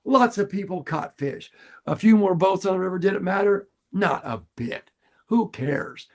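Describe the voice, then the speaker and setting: A middle-aged man, a fishing guide, talking earnestly and warmly on a podcast, repeating phrases for emphasis. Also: sits high, expressive, moderate pace. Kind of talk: casual podcast talk.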